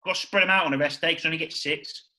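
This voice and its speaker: Brief: male podcast host, high bright voice, fired-up and profane in loose chat. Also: racing, rough recording. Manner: excitable, swears a lot, repeats "you know what I mean". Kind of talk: casual chat.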